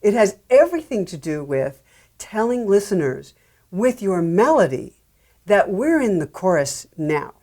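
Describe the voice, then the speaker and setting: Animated woman explaining songwriting. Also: mid-range voice, unhurried. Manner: animated, acts out examples with repetition. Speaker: songwriting expert guest. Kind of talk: explanatory interview talk.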